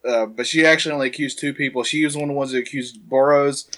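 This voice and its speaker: A man's voice: medium pitch, fairly even intonation, quick pace, fairly bright tone. A man co-hosting a casual history podcast, explaining events in an earnest way.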